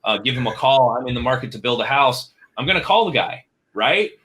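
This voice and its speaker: A man's voice: medium pitch, animated, brisk, pushed and bright. A man speaking as a guest on a podcast, candid and emphatic, often tagging his points with "right?". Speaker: guest, chiropractic marketer. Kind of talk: casual interview chat.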